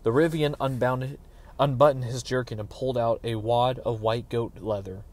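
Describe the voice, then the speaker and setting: A man reading a fantasy novel aloud as narrator, in a measured, even storytelling voice. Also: medium pitch. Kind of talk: dramatic audiobook reading.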